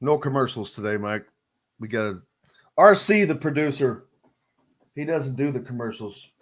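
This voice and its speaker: A man's voice: medium pitch, animated, moderate pace. A man from Indiana hosting a sports radio show, chatting casually and laughing between restarted sentences.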